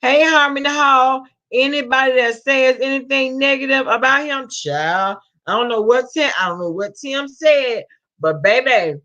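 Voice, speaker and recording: A woman casually chats on a live stream, reading comments aloud, greeting people as "babe," and speaking with Southern slang. Her high voice is a bit bright at a moderate pace, and the stream sound is lo-fi and dull.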